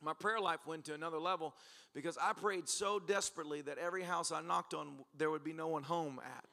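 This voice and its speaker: Animated, bright-voiced preacher man. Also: fairly high pitch, brisk, vocal fry. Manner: animated, laughing storyteller who acts out exchanges. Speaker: pastor. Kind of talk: sermon with storytelling. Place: church service.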